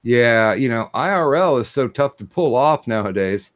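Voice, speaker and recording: A man hosting a casual livestream chat, talking in a halting way with many fillers and restarts. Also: mid-range voice, expressive, dry recording, studio quality. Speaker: stream host.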